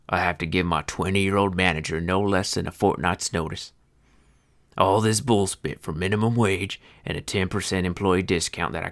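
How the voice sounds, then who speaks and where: An actor playing a bitter old horse-feed seller near seventy, who narrates in a deep voice with an old-timey Western twang and talks in a grumbling, sardonic, cursing folksy way. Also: male voice, fairly bright tone, full character voice. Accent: old-timey Western American twang. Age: older. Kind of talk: film narration.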